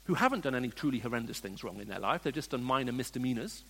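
A man preaching a sermon, moving between hushed storytelling and emphatic questions to the congregation. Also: medium pitch, expressive, racing, creaky, breathy edge. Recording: long reverb of a large hall.

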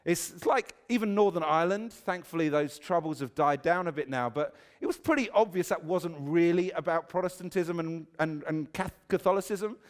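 A pastor preaching a conversational sermon, with humorous, self-deprecating asides. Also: male voice, on the high side, normal speed, few pauses.

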